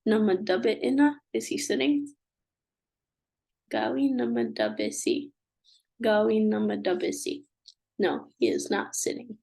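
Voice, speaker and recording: A woman's voice: mid-range voice, expressive, takes it slowly, gravelly, pauses often, dark tone, slightly rough. A woman with a stuffy nose teaching a language lesson, patiently repeating each phrase and translating it. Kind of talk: language lesson, slow repetition drills.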